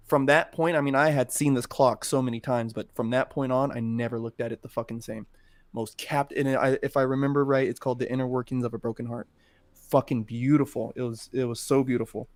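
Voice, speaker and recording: A man's voice: medium pitch, dry recording. A man co-hosting a podcast, telling a personal story in casual, emotional talk with plenty of swearing. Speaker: podcast co-host. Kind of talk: casual chat.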